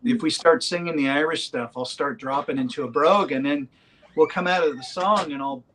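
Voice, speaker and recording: Musician guest, male, rather high-pitched, chatty and meandering with plenty of ums. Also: fairly quick, a bit bright, low-quality recording. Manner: rambling, hesitant with many ums. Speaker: band member. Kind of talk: casual interview chat.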